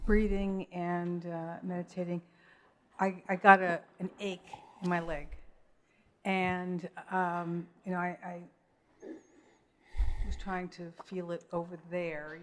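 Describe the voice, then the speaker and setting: A woman's voice: on the low side, fairly even intonation, takes it slowly, a little hiss or hum. A woman in the audience at a live talk asking a question, hesitant with many ums and restarts.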